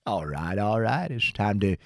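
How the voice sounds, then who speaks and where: A man's voice: fairly low pitch, big pitch swings, a little slow, gravelly, no echo, studio quality. A man co-hosting a comedy podcast, telling stories with sweary banter and mocking impressions. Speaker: podcast co-host and actor. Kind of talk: casual comedic chat.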